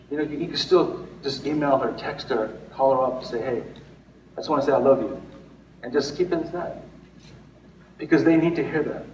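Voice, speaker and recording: A man's voice: mid-range voice, darkish tone, slight background noise. Man in his forties preaching in an echoey room. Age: 40s. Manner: conversational, many restarts and fillers, laughs at himself. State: tearful. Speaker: pastor. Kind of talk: sermon. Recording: echoey room, mic at a distance.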